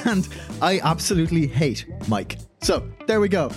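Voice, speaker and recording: A man's voice: a little high, very animated, soft background music. A man, hosting a tabletop gaming podcast in a chatty, jokey way. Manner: chatty, jokey, quick asides. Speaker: podcast host and player. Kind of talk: casual tabletop podcast chat.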